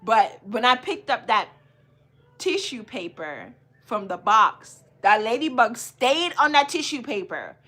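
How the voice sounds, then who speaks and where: Jamaican woman podcast host, bright tone, casual animated storyteller, swings from hushed to loud. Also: fairly high pitch, a little slow. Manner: animated, repeats phrases for emphasis, swings between hushed and loud.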